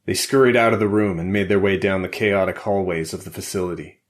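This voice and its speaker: Low-voiced guy reading a spy thriller audiobook, steady and measured. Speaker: audiobook narrator. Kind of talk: scripted narration.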